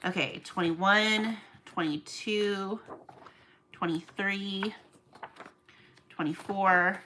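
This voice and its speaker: A woman chatting casually to viewers while she packs orders, self-mocking and counting items out loud. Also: mid-range voice, steady tone, extremely slow, slight background noise. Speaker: small online shop owner. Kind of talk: casual vlog chat to viewers.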